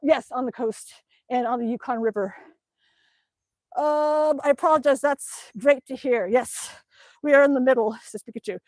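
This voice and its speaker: A woman's voice: high voice, normal speed, darkish tone, dry recording. A woman from Alaska chatting casually on a livestream while pedaling an exercise bike outdoors, gushing over her dog into a cell phone. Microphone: cell phone on a stand.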